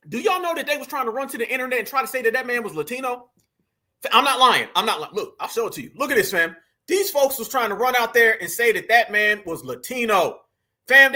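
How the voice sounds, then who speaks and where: A man hosting a channel of casual reaction commentary speaks at an extremely high pitch with a bright, forceful tone. He's emphatic and profane and calls his viewers fam.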